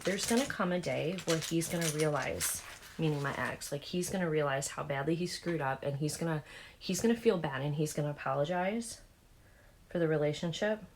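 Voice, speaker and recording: A beauty vlogger in her forties with a Southern accent and a low voice talks candidly while doing her makeup. She rambles along through plenty of fillers, with background noise in the recording.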